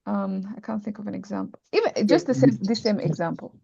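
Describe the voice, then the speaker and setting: A woman's voice: mid-range voice, expressive, fairly quick, creaky, crowd noise. A woman teaching Arabic grammar in an online class, patient and full of examples, with a dull, dry video call sound. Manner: patient, explains with examples, many restarts.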